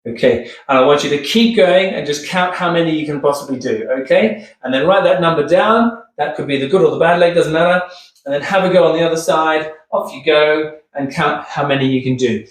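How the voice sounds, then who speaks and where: Chatty guy coaching ankle drills, a bit out of breath, slightly high voice, echoey room far from the mic. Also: brisk. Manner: upbeat, chatty, keeps saying okay. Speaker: physio instructor. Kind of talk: exercise demonstration. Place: room with hard floor.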